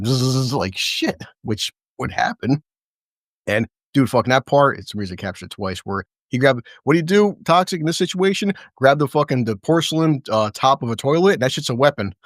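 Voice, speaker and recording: A man hosting a casual recap chat, excitedly narrating fight scenes play-by-play with lots of swearing and laughter. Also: mid-range voice, fairly quick, dry recording, studio quality. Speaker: show host.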